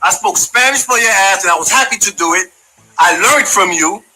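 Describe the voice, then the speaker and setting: A man's voice: high-pitched, animated, normal speed, pushed and bright, a little hiss or hum, rough recording. A man giving a heated, profane, confrontational monologue, speaking straight at the person he is calling out. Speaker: former community member giving his side. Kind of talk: heated monologue, addressing someone directly.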